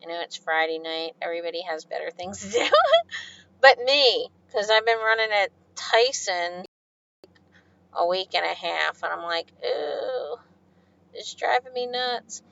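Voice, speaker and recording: A woman's voice: fairly low pitch, a little slow, vocal fry, sharp tone, dull audio. A woman truck driver chatting casually on a live stream from her truck cab, laughing often and reading viewer comments aloud. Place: inside a truck cab with refrigeration unit running. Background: refrigeration unit hum.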